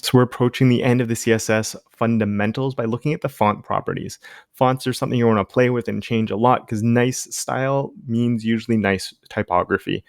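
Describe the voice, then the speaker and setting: A man casually explaining web development code step by step in a tutorial, chatty and relaxed, with light joking asides. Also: medium pitch, a little fast, vocal fry, no echo, studio quality. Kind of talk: screen-recorded coding tutorial.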